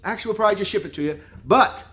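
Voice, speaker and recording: A man's voice: high voice, rapid-fire, sharp tone. A man doing joking voice-over lines and a giveaway read, teasing the host in a playful mock-announcer way.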